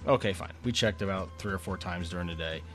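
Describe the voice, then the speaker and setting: Rambling low-voiced man telling a story. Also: fast talker, faint music behind. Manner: rambling, chatty, with frequent restarts. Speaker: podcast co-host. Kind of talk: casual podcast storytelling.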